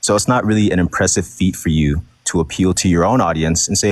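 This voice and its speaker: A man's voice: deep voice, fast, no room sound. A man in a heated online debate, combative and repetitive, talking over the others. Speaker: debate guest.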